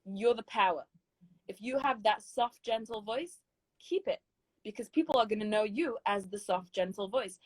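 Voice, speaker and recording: A woman's voice: mid-range voice, normal speed, husky, dry recording, poor audio. Emphatic British woman, dry close sound. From Britain. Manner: encouraging, emphatic advice-giving. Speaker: guest singer. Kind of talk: casual video chat interview.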